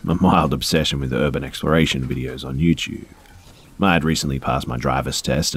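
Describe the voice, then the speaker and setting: Male narrator for scary story readings: extremely low voice, breathy edge, calm and measured. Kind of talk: reading first-person scary stories aloud.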